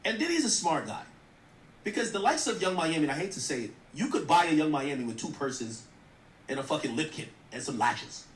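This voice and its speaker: A man's voice: on the high side, sing-song, brisk, echoey room, recorded from a distance. A man giving blunt, profane, mocking commentary in a rant. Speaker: streamer commentator. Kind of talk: ranting commentary.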